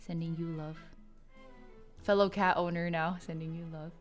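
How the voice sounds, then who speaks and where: A woman's voice: fairly low pitch, fairly even intonation, moderate pace, soft background music. A young woman streaming a game playthrough, chatting with her viewers and giggling often as she reads aloud. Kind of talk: live game playthrough chat.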